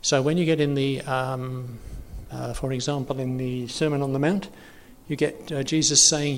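A man gives an informal church teaching, chatty and full of restarts and fillers, at an ordinary middle pitch. His voice rings out with a long reverb, as if he is recorded in a church hall. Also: steady tone, fairly quick, vocal fry, hardly any pauses, a little hiss or hum. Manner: chatty, self-correcting, many fillers. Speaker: preacher.

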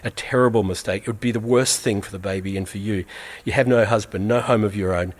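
A man's voice: fairly low pitch, quick pace, lightly acted. A man voicing a stern, unsmiling woman social worker. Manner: calm and cold, firm.

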